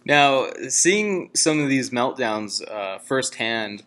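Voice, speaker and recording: A man's voice: medium pitch, lively intonation, takes it slowly, a bit bright. A man asking interview questions hesitantly, with many filler words.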